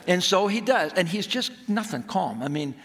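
Animated high-voiced man preaching in a hall. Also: moderate pace. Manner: animated storytelling, acts out his own shouts. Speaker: pastor. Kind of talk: sermon. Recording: long hall reverb.

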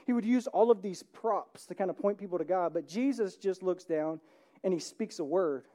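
A pastor preaches in a relaxed, conversational way at a church service, often turning a point into a quick "right?" for the listeners. The voice is mellow and warm, set at a middling pitch. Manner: informal, keeps asking "right?". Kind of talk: conversational sermon.

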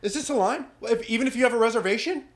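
Brief: man playing an entitled dad, squeaky high and huffy, indignant. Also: rapid-fire.

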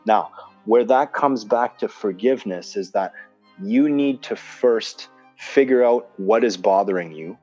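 A man's voice: fairly low pitch, a little slow, warm tone. A man in casual conversation, making his points with emphasis, repeating them and explaining with examples. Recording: dull lo-fi sound with faint music.

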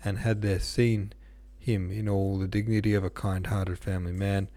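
A man's voice: low voice, little pitch movement, normal speed, dark tone, no echo. A man reading a classic novel aloud, unpolished, with small slips and asides. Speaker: audiobook reader.

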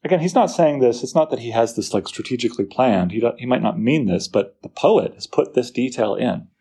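Man, husky, gravelly, literature lecture, lively, rhetorical questions. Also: medium pitch, brisk. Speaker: literature teacher. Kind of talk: lecture on a poem.

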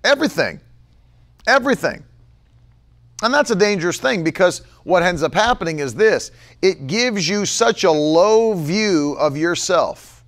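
Emphatic animated male preacher. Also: unhurried, few pauses. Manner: emphatic, repeats key phrases, mocks others in a low mumbling voice. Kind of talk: livestream sermon.

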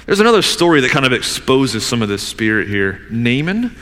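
A male pastor delivers a sermon in a relaxed, conversational way, acting out the voices of the people he quotes. His voice is bright and edged, at a middle pitch. It carries with the long reverb of a large hall. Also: fairly quick.

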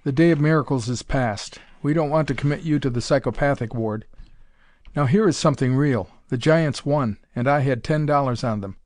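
Brisk, commanding sea captain, read by a man. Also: medium pitch, a little mellow, no echo, studio quality, natural voice. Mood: jovial. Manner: blunt, demanding. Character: commanding middle-aged male ship captain, brisk.

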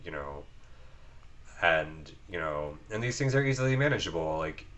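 A man's voice: rumbling low, lively intonation, moderate pace, fairly bright tone. A man talking earnestly in a casual podcast chat, with many fillers and restarts. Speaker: podcast guest.

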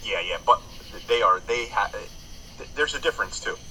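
A man talking casually on a podcast, with a very bright, sharp-edged tone and a pitch that swings up and down a lot. He rambles through stories, swears freely and restarts his sentences often. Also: expressive, fairly quick, a little hiss or hum, rough recording. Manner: profane, rambling storyteller with many restarts. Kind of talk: casual chat.

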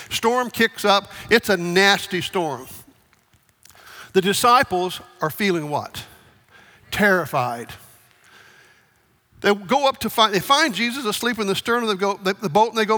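A male preacher with a high, bright voice talks easily with his congregation and keeps asking them questions. The sound carries the long reverb of a large hall. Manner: asks the congregation questions, conversational. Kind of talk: sermon.

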